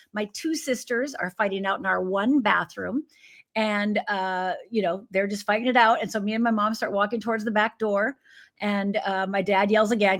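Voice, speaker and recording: A woman's voice: mid-range voice, fairly even intonation, normal speed. A woman from Upper Michigan, a guest life coach, telling her personal story in an interview and acting out the voices of people in it. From Upper Michigan, USA. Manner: vivid storyteller who acts out quoted voices.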